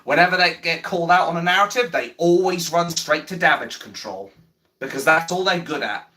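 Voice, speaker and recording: This man's fairly high voice runs a little fast, pushed and bright. On his livestream he rants about politics bluntly, swearing heavily and repeating himself, and he breaks off to answer viewer chat.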